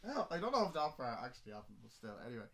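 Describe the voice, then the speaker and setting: A man's voice: medium pitch, big pitch swings, very fast, vocal fry, a crowd in the background. A man with an Irish accent telling a long, rambling story on a casual podcast. He swears freely and laughs at his own tale. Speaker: podcast host.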